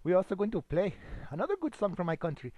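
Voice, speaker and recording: A man's voice: high voice, racing, lo-fi sound, slight background noise. A man doing a bumbling broken-English radio DJ. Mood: rambling. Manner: broken English, exaggerated put-on foreign delivery; rambling, excitable, swings between loud bursts and mumbles. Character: bumbling foreign-sounding male radio DJ, rambling and crude. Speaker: comic radio host persona. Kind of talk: improvised comedy monologue. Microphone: home computer microphone.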